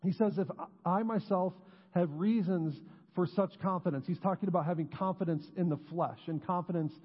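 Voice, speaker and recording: Earnest male pastor in echoing church. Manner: earnest, drops low and slow on key words. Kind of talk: sermon. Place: church sanctuary. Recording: muffled sound with long church reverb.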